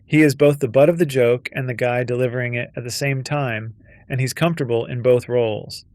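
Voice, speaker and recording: A man's voice: mid-range voice, steady tone, a little fast, darkish tone, no echo. A man narrating a scripted video essay with a punchy, wry delivery.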